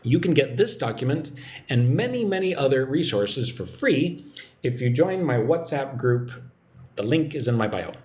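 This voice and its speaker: A man giving a live-streamed English lesson, relaxed and chatty as he reads out viewer comments. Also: mid-range voice, moderate pace. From United States. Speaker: English teacher.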